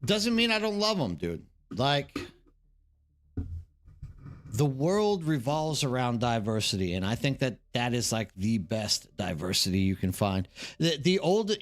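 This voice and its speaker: A tired man from the Houston area, chatting casually as a livestream host and rambling with lots of "like" and "dude". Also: mid-range voice. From Texas, Houston area. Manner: rambling, chatty, says "like" and "dude" a lot, reads the chat aloud.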